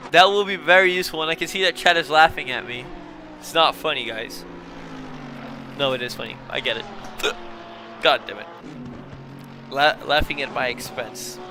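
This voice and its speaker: There's background noise as a young man with a medium-pitched voice commentates a sim race live. He's stuck with hiccups, and between calls he apologises, sounds flustered, and laughs at himself.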